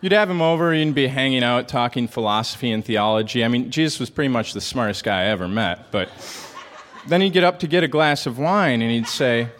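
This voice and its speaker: A man telling a comic story at a storytelling show, earnest and hesitant, with a halting delivery. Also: mid-range voice, fairly bright tone. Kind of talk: deadpan comic monologue. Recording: hall reverb, faint noise.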